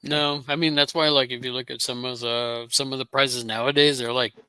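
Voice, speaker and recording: A man's voice: medium pitch, little pitch movement, brisk, bright, forceful tone, clean tone, dry recording. A man guest in a casual chat who talks hesitantly, with lots of fillers and restarts.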